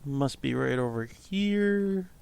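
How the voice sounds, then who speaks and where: A man's voice: medium pitch, expressive, slow pace, creaky, a little mellow. Guy chatting through a zombie game, rambly and amused, bit of hiss behind him. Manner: rambling, self-amused, thinking aloud. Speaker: gameplay commentator. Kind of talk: casual let's-play commentary.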